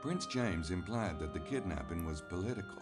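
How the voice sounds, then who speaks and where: A man's voice: sits low, animated, moderate pace, music in the background. A man voicing a sardonic, dogged private investigator in a video game, with an easygoing drawl. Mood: wry.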